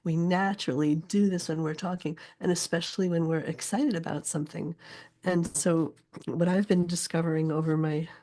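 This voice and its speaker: An older woman, a poet and teacher, explaining her subject in a casual interview, thoughtful and often pausing to search for words. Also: sits low, warm tone.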